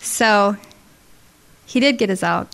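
A woman's voice: medium pitch, takes it slowly, creaky. Earnest woman telling a church testimony. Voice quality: earnest, emotional, with restarts and soft asides. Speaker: speaker at a church service. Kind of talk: testimony storytelling to a congregation. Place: church service.

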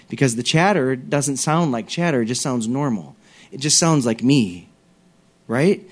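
A male pastor preaching a lively, conversational sermon, dropping to soft tones and acting out voices. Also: medium pitch, a little slow. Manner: conversational, acts out voices, varies loudness.

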